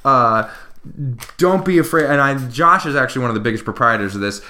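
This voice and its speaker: A man's voice: mid-range voice, expressive, fairly quick, pushed and bright. A man co-hosting a casual podcast chat, loose and laughing, swearing now and then. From Massachusetts. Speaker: podcast co-host.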